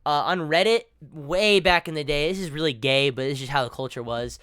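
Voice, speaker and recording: A young man with a bright, forceful voice rants through a reaction commentary, profane and mocking. His speech is crisp and clean, set in a dry space with little room sound. He rambles on and rarely lands on one point. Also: a little high, fairly quick, no echo. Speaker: commentary streamer.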